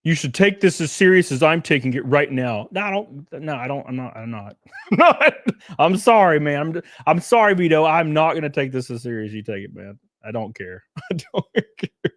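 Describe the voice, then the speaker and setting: A man's voice: fairly high pitch, lively intonation, normal speed, fairly bright tone, no room sound, clean studio sound. A man from Alabama, ranting and laughing on his livestream. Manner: profane, mocking, laughing often. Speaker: streamer. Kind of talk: casual livestream rant.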